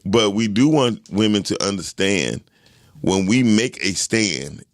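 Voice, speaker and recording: A man hosting a podcast chat, talking forcefully and emphatically, often repeating himself. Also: lowish voice, expressive, a little slow, dry recording, studio quality. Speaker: podcast host. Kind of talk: casual group chat.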